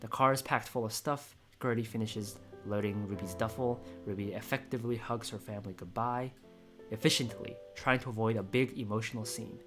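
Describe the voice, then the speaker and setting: Excitable low-voiced man reading a script. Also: normal speed, over music. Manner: excitable, emotional, with frequent restarts. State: choked up. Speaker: screenplay reader and commentator. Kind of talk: casual script read-through with commentary.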